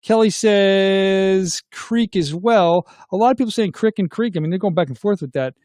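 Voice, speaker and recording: A middle-aged man hosts a casual live chat, reading viewer comments aloud and tossing questions back to his audience. His voice sits fairly high for a man. The sound is close and dry. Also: moderate pace, darkish tone, dry recording. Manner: chatty, reads comments aloud and asks viewers to weigh in.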